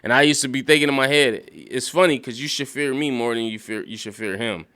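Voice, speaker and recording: A young man casually rambling through a TV episode recap, profane and animated, breaking into quick acted quotes. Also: mid-range voice, clear, resonant tone. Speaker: YouTube show recapper.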